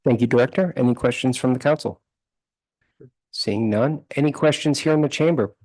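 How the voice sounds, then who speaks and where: Man briskly chairing a council meeting. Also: mid-range voice, a little mellow, poor audio. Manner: brisk procedural, light joking. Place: council chamber.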